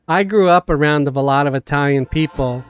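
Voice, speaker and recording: A man's voice: on the high side, clear, resonant tone, soft background music. Chatty New man streaming a game. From Queens, New York. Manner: halting, many fillers and restarts, animated. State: coughing now and then. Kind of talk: casual live-stream chat. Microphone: desk mic, sometimes knocked.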